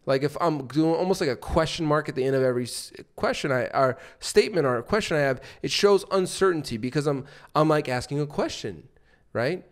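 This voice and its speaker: A man's voice: a little high, animated, brisk. A man co-hosting a podcast, explaining sales techniques in loose casual talk full of fillers and restarts, often acting out short examples. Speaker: podcast co-host and sales coach.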